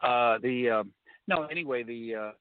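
A man calling in to a talk show, telling a story in a rambling, halting way with many restarts. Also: medium pitch, clean tone, no echo. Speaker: caller. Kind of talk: casual phone conversation. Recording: tinny phone line, dry.

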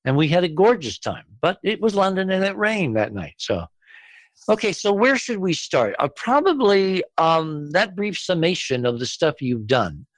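A male radio host chats familiarly with his guest and meanders through fillers before getting to the question. His voice sits slightly high. The room is dry. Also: very animated, moderate pace, no room sound. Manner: warmly familiar, rambling with fillers. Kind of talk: casual radio interview.

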